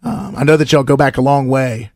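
A man hosting a casual interview, a friendly, curious questioner who asks quick, joking questions. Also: medium pitch, steady tone, darkish tone, no echo, clean studio sound. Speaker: podcast host.

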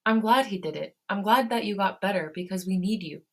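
A woman voicing a gentle, caring young man who speaks softly, in a fan fiction read aloud. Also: mid-range voice, brisk, lightly acted. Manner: gentle, soothing.

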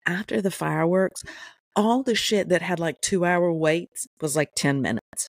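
A middle-aged woman co-hosting a podcast, telling an animated story full of profanity in casual chat. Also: fairly low pitch, a little slow, gravelly, no room sound, clean studio sound. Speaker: podcast co-host.

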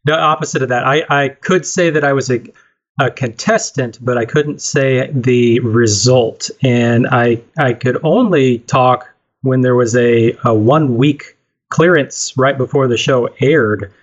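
A man from Texas, a podcast guest over a video call, telling stories in an animated way and acting out the voices of people he quotes. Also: medium pitch, measured pace, highs cut off. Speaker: guest, knifemaker. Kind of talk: casual anecdote telling on a podcast.

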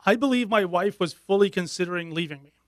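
A middle-aged man speaking as a guest in a candid interview, earnest and halting, often restarting his sentences. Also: high voice, no room sound, studio quality.

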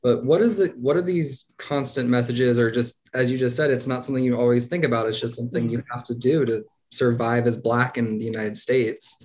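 Halting male interviewer, mid pitch. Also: fairly even intonation, darkish tone. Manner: halting, hesitant with many "um" and "uh". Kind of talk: interview questions.

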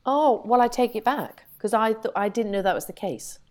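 A woman's voice: a little high, normal speed, darkish tone. A middle-aged woman, a podcast co-host chatting animatedly and laughing often. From Wales. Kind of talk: casual chat.

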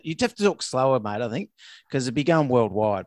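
A man's voice: medium pitch, very animated, brisk, darkish tone, no room sound. An Australian man co-hosting a vet podcast, bantering with dry, teasing humour over a remote call. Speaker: veterinarian podcast co-host. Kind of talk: casual chat. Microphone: remote call recording.

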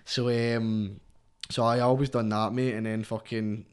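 A man's voice: on the low side, level tone, a little slow, darkish tone, clean tone. A young man with a Scottish accent, a guest rapper chatting casually, rambling and swearing constantly, tagging everything with "mate.". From Scotland. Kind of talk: casual interview chat.

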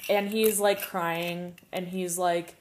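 A young woman co-hosting a podcast in casual chat, rambling and animated, swearing casually. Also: on the low side, takes it slowly, slight background noise. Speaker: podcast co-host.

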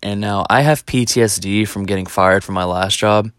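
Low-voiced man telling a profane story. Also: steady tone, moderate pace, fairly bright tone, clean tone, dry recording, studio quality. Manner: profane, rambling, laughs through the story. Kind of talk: casual storytelling vlog.

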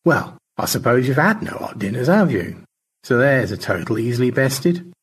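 A man voicing Margaret, a shy, sweet female AI avatar who speaks primly with gentle sarcasm. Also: medium pitch, very animated, moderate pace, husky, voice pushed up. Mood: polite.

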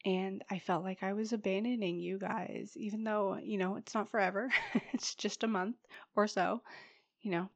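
A young woman hosting a solo podcast, talking candidly and chattily while she has a head cold that makes her a little husky and stuffy. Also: medium pitch, steady tone, moderate pace, dry recording, highs cut off. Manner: chatty and candid, often says "you guys" and "like". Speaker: podcast host.

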